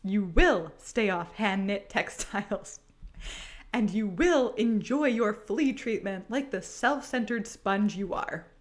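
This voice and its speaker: A woman's voice: medium pitch, animated, slow pace. A woman voicing a stern, protective male judge who scolds in a mock-serious tone.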